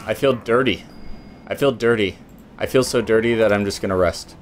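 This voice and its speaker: A man casually commenting while playing a video game with a friend, joking and planning his moves out loud. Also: on the low side, normal speed, slight background noise. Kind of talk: casual let's-play commentary.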